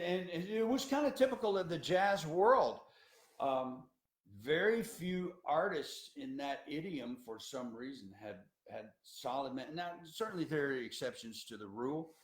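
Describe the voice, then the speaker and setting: A man who works as a tour coordinator gives an educational talk to students, in a folksy, emphatic storytelling style full of restarts. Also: a little high. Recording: roomy echo.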